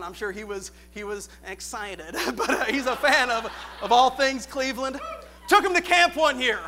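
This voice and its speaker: A youth pastor with a very high, bright voice preaching a sermon. He builds to shouted, rousing questions, then drops into soft, chuckling storytelling. His delivery is lively and sharp throughout. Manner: animated preaching, swinging from shouted questions to quiet storytelling with laughs.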